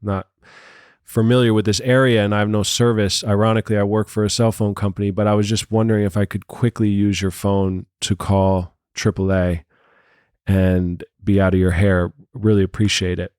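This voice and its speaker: A man's voice: on the low side, flat delivery, normal speed, a little mellow, clean tone, dry recording, studio quality, lightly acted. A man voicing a flustered male city traveler who stammers and keeps apologizing. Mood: apologetic.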